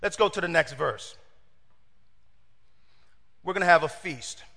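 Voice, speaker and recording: Man, preacher, high voice, lively sermon, questions to the crowd, long reverb. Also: a little slow. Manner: animated, asks the congregation questions, acts out quotes.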